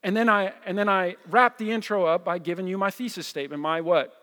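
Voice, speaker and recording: A pastor from New with a fairly high voice, preaching in a casual, conversational way. He repeats himself and keeps asking "right?" to draw the room in. His voice rings out with a long, echoing reverb. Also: fairly even intonation, fairly quick, fairly bright tone. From New Jersey. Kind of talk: sermon. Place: church hall.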